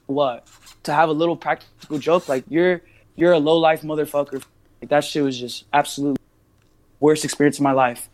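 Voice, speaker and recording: A man's voice: on the high side, steady tone, moderate pace, dry recording. Young man telling a heated, profane story. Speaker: podcast guest, barber and rapper. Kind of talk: casual storytelling chat.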